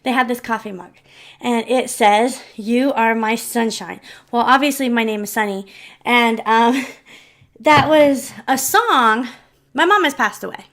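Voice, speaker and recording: A woman vlogger with a fairly high, fairly bright voice tells a personal story to her camera. She rambles in a heartfelt way, often restarting and turning aside to speak to her viewers.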